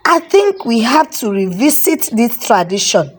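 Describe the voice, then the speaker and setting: A woman voicing an older village chief and father who shouts in anger and laments. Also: on the high side, very animated, a little slow. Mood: stern.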